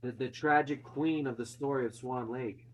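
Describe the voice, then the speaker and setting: A man's voice: mid-range voice, fairly even intonation, moderate pace, a little hiss or hum, rough recording. A man casually retelling a film's plot, swearing and acting out quotes, in a chatty movie-recap conversation.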